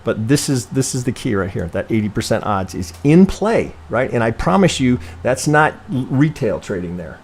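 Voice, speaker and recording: A man's voice: mid-range voice, sing-song, moderate pace, hardly any pauses, slight background noise. A man teaching chart analysis on a live stream, talking casually and thinking aloud. He swears, keeps correcting himself and often checks in with "right?". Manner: rambling, profane, constantly self-correcting, asks "right?"; thinks aloud while working through charts. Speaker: trading educator reviewing member charts.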